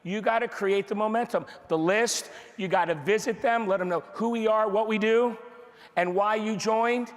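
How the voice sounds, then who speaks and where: High-voiced man giving a rousing talk in a hall. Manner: energetic and repetitive, drives points home with rhetorical questions; acts out dialogue in quoted voices. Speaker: sales team leader giving a motivational training talk. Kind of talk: motivational speech to a live audience. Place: large room with an audience. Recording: long hall reverb from a live event.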